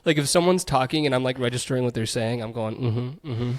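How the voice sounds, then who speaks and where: A man's voice: mid-range voice, fast talker, no room sound. A young man co-hosting a podcast, laid-back and teasing in casual chat. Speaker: podcast co-host.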